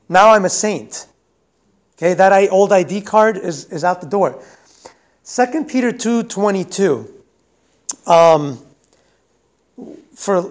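A man teaching a Bible lesson in a sermon style, talking fast and conversationally and often checking in with the audience. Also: high voice.

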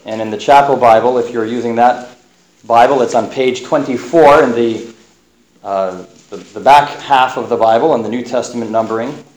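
A man preaching a sermon, reading and explaining Bible passages in a measured, thoughtful way. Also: medium pitch, darkish tone, reverberant, poor audio.

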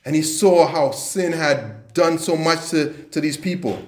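A man's voice: fairly high pitch, a little slow, roomy sound. A man preaching a sermon in an earnest way, often repeating himself and restarting his sentences.

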